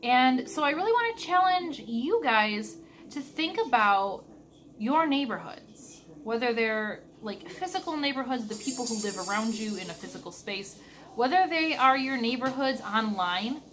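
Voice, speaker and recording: A woman talking earnestly to her camera in a reflective vlog, stressing words by slowing down. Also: a little high, expressive, noisy background. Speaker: vlogger.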